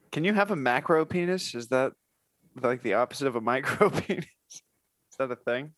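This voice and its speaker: A man's voice: mid-range voice, moderate pace, pauses often, fairly bright tone, dry recording. Rambling joking man, dry close sound. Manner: jokey, rambling, laughs mid-sentence. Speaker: podcast co-host. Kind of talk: improvised comedy riffing.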